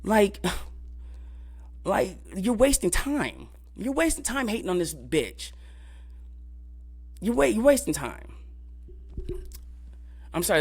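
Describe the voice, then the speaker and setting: A man hosting a podcast, ranting in a casual, profane, emphatic way, often repeating filler phrases and jumping up in pitch when fired up. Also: slightly rough. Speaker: podcast host.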